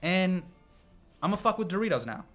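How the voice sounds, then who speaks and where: Male comedy host, high and lively, bright tone, profane indignant rant to camera. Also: normal speed, loud music behind the voice. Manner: animated, profane, indignant ranting.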